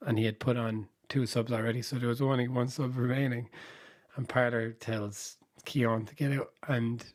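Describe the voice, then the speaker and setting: A man's voice: mid-range voice, fairly even intonation, normal speed. Man, podcast co-host, casual chat, laughs through his stories. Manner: laughing storyteller, retells anecdotes.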